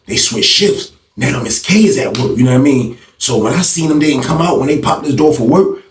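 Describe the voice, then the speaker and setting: Fast-talking man telling a story, roomy sound. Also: distant mic, slight background noise. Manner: animated, acts out other people's voices with big pitch jumps. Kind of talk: casual storytelling.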